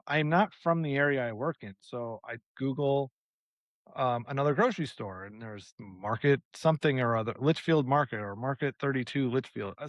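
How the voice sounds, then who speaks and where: A man co-hosting a podcast, telling a long story in a casual, animated way, acting out the people in it and swearing freely. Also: mid-range voice, dry recording. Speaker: podcast co-host.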